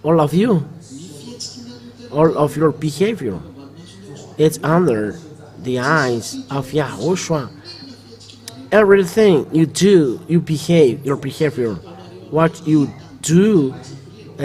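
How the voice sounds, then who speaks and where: A man preaching a live church sermon, halting with many fillers and restarts. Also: fairly high pitch, a little mellow, poor audio.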